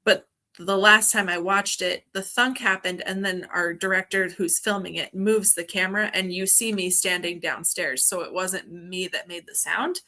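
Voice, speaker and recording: A young woman from Montana, a guest on a video-call interview, telling ghost stories in a lively way and laughing often. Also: on the low side, normal speed. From Montana, USA. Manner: animated storyteller, laughs often. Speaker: guest, film festival organizer.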